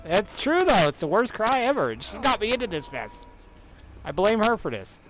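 A man streaming live gameplay, an excitable streamer who yelps and swears at the game. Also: high voice, normal speed, noisy background. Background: loud game music and sound effects.

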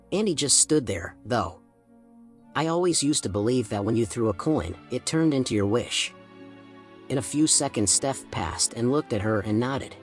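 A man narrating a first-person audiobook in a steady storytelling manner. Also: medium pitch.

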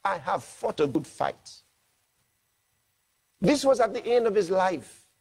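A man delivers an emphatic sermon as a pastor, his voice fairly high and husky. He slows down when he reads scripture aloud and leans hard on the key words. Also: very animated, darkish tone.

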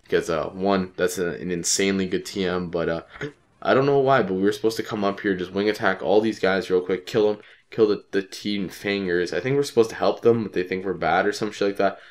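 Young male let's-player, low voice, stuffed up from a cold, offhand and cussing. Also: a little fast. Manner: rambling, profane, offhand. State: congested with a cold. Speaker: let's play commentator. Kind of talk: casual gameplay commentary.

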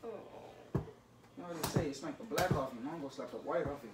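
A man's voice: a little high, fast, long pauses, far from the mic, heavy background noise. A man scolding his younger brother in casual talk, lecturing and swinging between stern and joking. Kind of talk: casual prank video talk. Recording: roomy, from off-mic.

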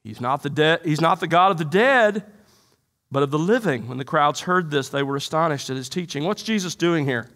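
Male pastor, light high voice, expository sermon in a church, emphatic and questioning. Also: expressive, brisk, fairly bright tone. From United States. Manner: expository preaching, quoting and explaining scripture; emphatic, rhetorical questions to the congregation. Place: church sanctuary.

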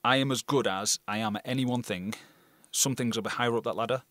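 A British actor telling stories as a guest in a casual interview, blunt and swearing freely. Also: male voice, medium pitch, quick pace, fairly bright tone, no echo. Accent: non-RP British. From Britain.

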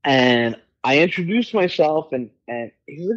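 A man's voice: fairly high pitch, lively intonation, a little slow, a bit bright, highs cut off. A middle-aged man, a musician guest on a podcast, telling stories in a candid, rambling way, swearing freely and using many fillers. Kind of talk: casual storytelling chat.

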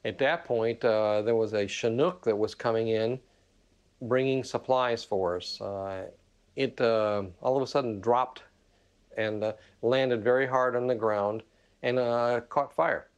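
An older man, a war veteran, recounting combat memories haltingly in a documentary interview. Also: mid-range voice, steady tone, clear, resonant tone, lo-fi sound. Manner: halting, many fillers.

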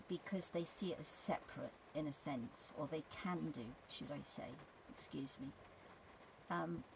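Slow, low-voiced woman with gravelly fry. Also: slight background noise, low-quality recording. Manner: gentle, halting, with many ums and restarts. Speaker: spiritual teacher. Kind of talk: unscripted spoken teaching.

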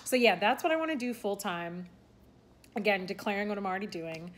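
A woman's voice: mid-range voice, lively intonation, brisk, a little hiss or hum. A young woman chatting casually in a vlog, rambling with lots of fillers and restarts. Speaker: vlogger and aspiring content creator. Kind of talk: casual talking-head vlog.

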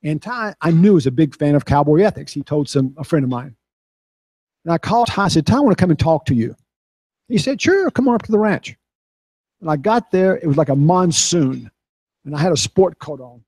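A man's voice: on the high side, brisk, breathy edge, no echo. Casting: older man, folksy storyteller, slightly raised voice, dry close sound. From Texas. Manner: folksy, animated when quoting others. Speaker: speaker. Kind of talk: storytelling talk.

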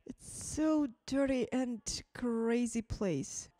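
A woman's voice: high-pitched, lively intonation, takes it slowly. A woman hosting a movie reaction who talks with strong emotion, exclaiming and speaking straight to her viewers. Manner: exclaiming and addressing viewers as guys.

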